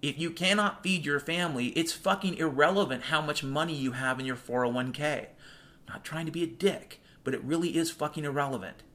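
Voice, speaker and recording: A man's voice: fairly high pitch, fairly bright tone. Blunt, profane man. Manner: blunt, profane, emphatic, slows down to stress points. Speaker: financial commentator. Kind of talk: monologue addressed to viewers.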